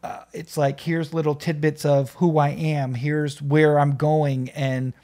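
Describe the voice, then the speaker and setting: A man's voice: on the high side, little pitch movement, a little slow, a little mellow. A man hosting a music reaction video, talking casually and enthusiastically with many fillers and restarts.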